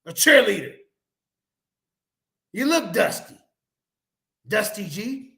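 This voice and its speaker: Slow-paced yet very animated, a man speaks in a high-pitched, creaky, bright, forceful voice. Taking part in a heated online panel, he angrily and profanely calls out a rival over and over with emphatic, confrontational jabs.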